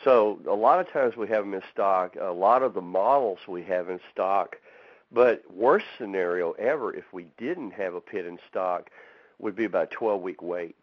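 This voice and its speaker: Low voiced guy who builds bbq pits, chatty folksy storyteller, muffled dry recording. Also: moderate pace, no room sound. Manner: folksy storyteller, acts out quotes. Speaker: barbecue pit maker and fab shop owner. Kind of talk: casual phone interview. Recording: dull, lo-fi, dry.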